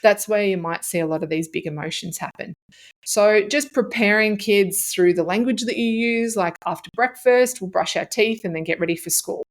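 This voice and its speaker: A woman's voice: mid-range voice, moderate pace. A middle-aged woman, hosting a solo podcast in a conversational way, often acting out short example phrases. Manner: conversational, with frequent fillers and acted-out example phrases. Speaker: podcast host and author.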